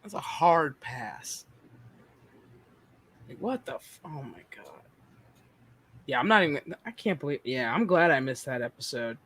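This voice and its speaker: A man hosting a casual stream chat, telling animated, profane stories. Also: fairly high pitch, a little slow, long pauses. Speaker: streamer host.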